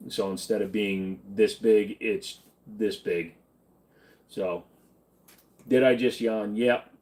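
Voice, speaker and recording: A man's voice: on the low side, steady tone, unhurried, a little mellow. A man hosting a casual live-stream Q&A, reading chat questions and answering bluntly in an offhand drawl, tired and in pain. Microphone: desk mic, sitting farther back than usual.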